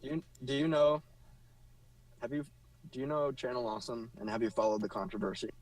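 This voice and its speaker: A man co-hosting a casual podcast, chatty and joking with quick asides. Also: mid-range voice, a little mellow, no room sound. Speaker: podcast co-host. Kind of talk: casual chat. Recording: voice a bit far from the mic.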